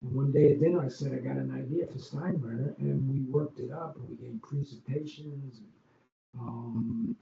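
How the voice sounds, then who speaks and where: An older former arena executive from Long Island, New York speaks in a dark, medium-pitched voice with vocal fry, keeping fairly even intonation at a normal speed. He rambles through stories as an interview guest, with plenty of ums and restarts. The podcast sound is dull and roomy, with faint noise.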